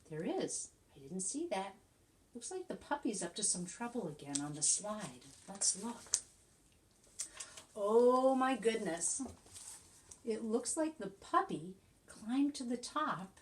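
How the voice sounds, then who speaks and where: Brief: woman teacher with a medium voice, reads a picture book to young children, animated and coaxing. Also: medium pitch.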